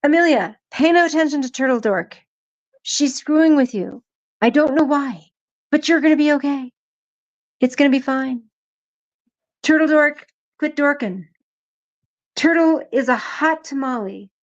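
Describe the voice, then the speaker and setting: High-voiced woman teasing her chat on stream, voice kinda thrashed, dull dry sound. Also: unhurried, long pauses, dry recording. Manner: playful, teasing, reads chat names aloud. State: worn-out voice. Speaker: live stream host. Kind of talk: casual live stream chat.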